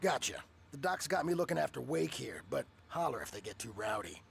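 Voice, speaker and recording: A man's voice: mid-range voice, sing-song, a little fast, creaky. An actor playing a casual male orderly in a game, folksy and easygoing. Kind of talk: video game dialogue. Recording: background noise.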